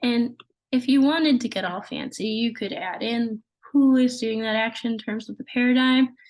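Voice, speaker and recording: A woman teaching a language lesson over a shared screen, patiently sounding out words slowly. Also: fairly high pitch, darkish tone, rough recording.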